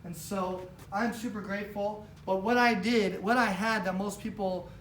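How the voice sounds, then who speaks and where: A woman tells a story at a business training in an animated, casual way, full of fillers. Her voice echoes around a large room, picked up from a distance with faint noise underneath. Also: medium pitch, moderate pace. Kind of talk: motivational storytelling talk. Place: event room with a live audience. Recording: roomy, distant mic, faint background noise.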